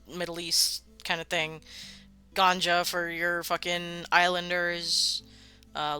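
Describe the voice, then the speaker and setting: Super bright crisp voice, rambly stream host who laughs and swears a lot, faint music behind. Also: mid-range voice. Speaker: streamer running a worldbuilding game stream. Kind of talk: casual live-stream chat.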